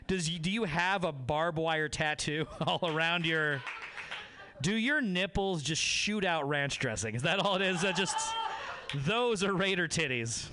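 A man performing a crude stand-up comedy set, telling an animated story and acting out the people in it. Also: fairly high pitch.

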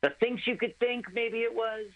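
A man's voice: very high voice, normal speed, lo-fi sound, a crowd in the background. A man co-hosting a radio show, chatting casually about a movie, rambling and restarting his sentences. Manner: animated, rambling, restarts often. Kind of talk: casual movie commentary chat. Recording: radio studio broadcast.

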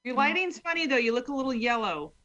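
A woman's voice: sits high, expressive, fast, a bit bright, dull audio. A woman hosting a casual video-call chat with friends in a playful, teasing way. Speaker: host.

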